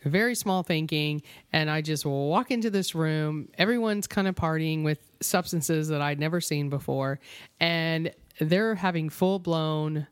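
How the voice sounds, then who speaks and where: A woman co-hosting a radio show, chatting casually on air and telling stories in an emphatic, animated way. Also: deep voice, measured pace, smooth, no echo.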